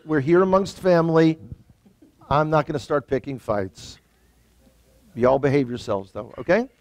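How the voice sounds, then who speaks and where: A man's voice: fairly high pitch, moderate pace, pauses often, no room sound. A man from the Bronx with a New York accent, a tour guide and guest talking casually and joking on a video call. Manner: animated, joking asides. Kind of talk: casual conversation.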